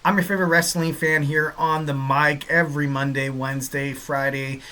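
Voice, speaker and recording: A man's voice: fairly high pitch, little pitch movement, normal speed, pushed and bright. A man hosting a wrestling podcast in a casual, rambling, upbeat way, full of fillers and repeated catchphrases. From Southern California. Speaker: podcast host.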